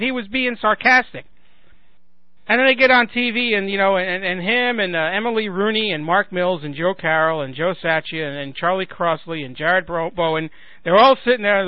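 A man with a fairly high voice rants in an indignant, sarcastic monologue, circling back and repeating himself as he builds his point. The sound is dry and squeezed into a thin, telephone-like band, like talk radio. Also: normal speed, dry recording. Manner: sarcastic, indignant, repeats words while thinking. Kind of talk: political commentary monologue.

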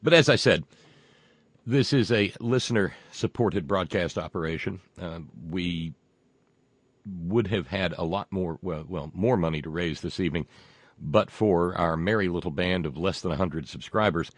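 A man hosting a talk radio show and making a fundraising pitch, rambling and halting with many fillers and restarts, adding wry, folksy asides. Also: no room sound.

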